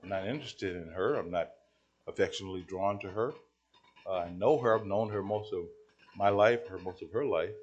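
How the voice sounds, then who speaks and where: A man with a low voice delivers a sermon as a story. He acts out each person in the exchange, and his volume runs from near whispers to loud, emphatic cries. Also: brisk, dull audio. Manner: acts out dialogue, swings from hushed to shouting. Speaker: preacher.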